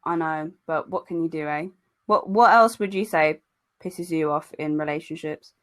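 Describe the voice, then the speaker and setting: A young woman with a deep voice co-hosts a podcast, speaking at a normal speed in casual chat. She's a lively storyteller who acts out the voices of the people she quotes.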